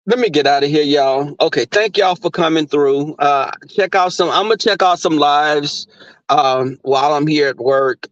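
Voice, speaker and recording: A man's voice: on the high side, normal speed, dry recording, dull audio. A man telling crude, profane stories to live viewers from his workplace. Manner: crude, animated, frequent laughs and swearing. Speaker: live streamer.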